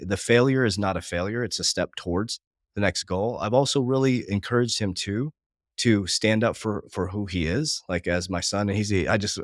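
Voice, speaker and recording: A man in his forties who talks at a brisk clip in a lowish voice. He speaks with heartfelt emotion about faith and family. The sound is dry and close. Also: no echo. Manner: fast, heartfelt, religious. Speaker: business coach, guest. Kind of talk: emotional podcast conversation.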